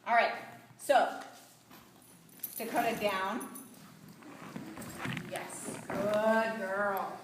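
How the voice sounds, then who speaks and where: A middle-aged woman teaching a puppy training class, upbeat, with squeaky high praise for the dogs. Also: fairly even intonation, extremely slow, long pauses, background noise. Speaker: dog trainer. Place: large indoor training hall. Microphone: camera mic from across the room. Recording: echoey hall from far off.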